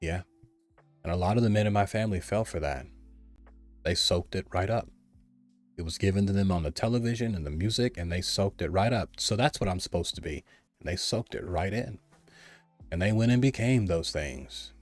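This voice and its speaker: A man's voice: low-pitched, moderate pace, long pauses, faint music behind. A man from the United States giving an emphatic, repetitive opinion monologue, mimicking others in a raised voice. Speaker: commentator.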